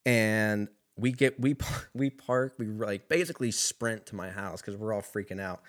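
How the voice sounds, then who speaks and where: A man's voice: fairly low pitch, moderate pace. A young man casually telling a rambling, profane personal story, laughing in the middle of sentences.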